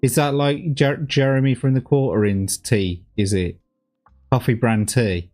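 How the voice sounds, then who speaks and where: A man's voice: mid-range voice, fairly even intonation, measured pace, a little mellow, faint music behind. A man casually commenting on a livestream, rambling and sweary with plenty of slang. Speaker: streamer reacting to old adverts.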